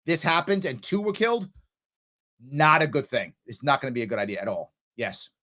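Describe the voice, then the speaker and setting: A man's voice: mid-range voice, big pitch swings, brisk, bright, forceful tone. A man hosting a live political commentary show, reacting with indignant sarcasm to a clip and reading viewer comments. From New York. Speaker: livestream political show host.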